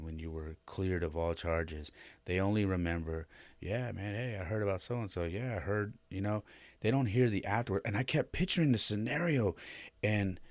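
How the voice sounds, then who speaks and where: With a deep voice and no echo, a male podcast host rambles casually through a personal story, restarting often and repeating "man." When emotion hits, his voice rises and gets louder.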